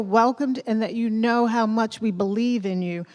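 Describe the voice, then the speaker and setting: A woman's voice: on the high side, normal speed, hardly any pauses. A woman college president with a Southern accent, giving a chatty, encouraging welcome speech from a lectern mic in a large theater. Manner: chatty, encouraging, rising to loud rallying questions. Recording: long reverb of a large theater.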